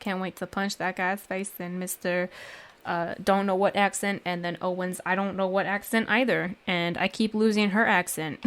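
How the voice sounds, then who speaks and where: A woman's voice: medium pitch, fairly even intonation, moderate pace, a bit bright, clear, resonant tone. A woman casually commenting while playing a game, chatty and jokey. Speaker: gaming YouTuber.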